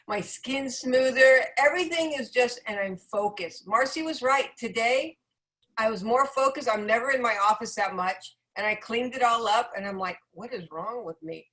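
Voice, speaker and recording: A woman's voice: on the high side, normal speed, sharp tone, poor audio. A woman chatting casually about her own experience, emphatic and laughing often. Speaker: product user sharing her experience. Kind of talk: casual testimonial chat.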